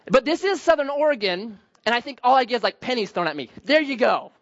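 A man's voice: very high-pitched, lo-fi sound. A man preaching a sermon as pastor, telling stories with self-mocking jokes. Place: church sanctuary.

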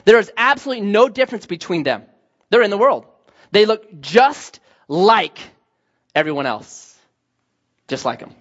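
A man preaching a sermon as a pastor, telling stories with lively acted-out dialogue. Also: sits high, moderate pace, long pauses. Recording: dull lo-fi sound.

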